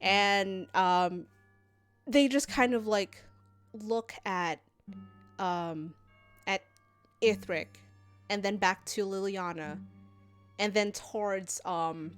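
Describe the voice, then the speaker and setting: A woman streamer, game master, narrating a tabletop game on a live stream, halting with many fillers. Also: mid-range voice, clear, resonant tone, no echo, faint music behind.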